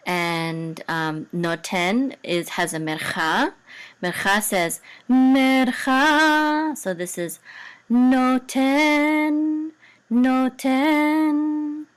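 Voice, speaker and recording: A woman teaching a Hebrew reading and chanting lesson in a casual, hesitant way, full of ums and self-corrections, who breaks into a higher, louder chant on the examples.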